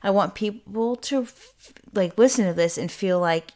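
A woman's voice: mid-range voice, normal speed, warm tone. A woman hosting her own podcast, talking casually in a rambling, self-interrupting way and swearing freely. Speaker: podcast host. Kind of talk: casual solo podcast talk.

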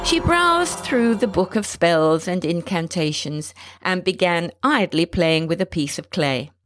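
A woman narrating a short story in a measured, expressive storytelling manner. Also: lowish voice, soft background music.

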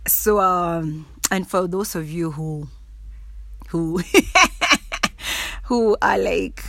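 Speaking very slowly with frequent pauses, a young Kenyan woman delivers a casual monologue to camera in her Kenyan accent. Her fairly low voice is dry of room sound, and she laughs a lot, cusses freely, and is blunt, animated and emphatic.

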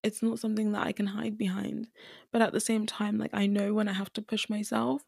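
A woman's voice: mid-range voice, flat delivery, fairly quick, vocal fry, darkish tone, husky, no echo. Young female podcast host, earnest and teary, dry close sound. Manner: earnest, emotional, repeats herself for emphasis. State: tearful at times. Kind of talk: candid solo podcast talk.

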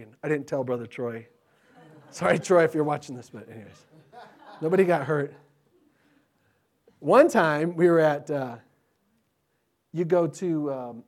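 A middle-aged man, a pastor, telling stories to children in an animated, chatty way, often restarting his sentences. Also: a little high. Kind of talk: children's sermon storytelling.

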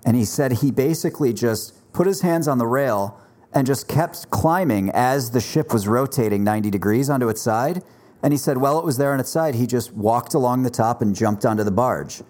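A man hosting a podcast, telling stories in casual chat with relaxed filler words. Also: medium pitch, a little fast. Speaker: podcast host.

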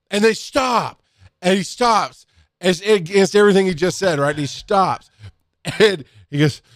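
Man, middle-aged, casual podcast chat, animated storyteller, swears a lot, dry close mic. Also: on the high side, normal speed, no echo. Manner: animated storyteller, swears freely, acts out quotes loudly. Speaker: podcast co-host.

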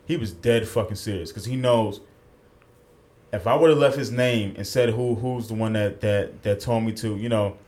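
A man's voice: on the low side, moderate pace, a little mellow. A man co-hosting a podcast, telling a story in casual chat, acting out the quotes and swearing freely, at a studio mic. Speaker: podcast co-host.

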